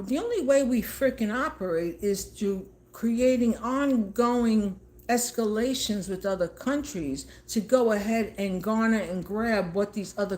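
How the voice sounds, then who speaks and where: At home, a woman with a slightly high, darkish voice rants casually about politics to the camera. She emphatically scolds her targets and repeats the same phrases again and again.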